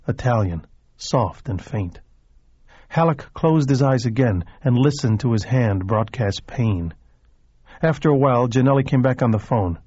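A man narrating an audiobook in a steady, measured reading voice. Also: medium pitch, breathy edge, dry recording, highs cut off.

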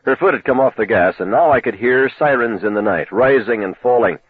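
A man narrating a novel in the first person, telling it in a measured, low, dramatic manner. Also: expressive, breathy edge, no echo. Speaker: audiobook narrator. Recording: tinny phone-like dry recording.

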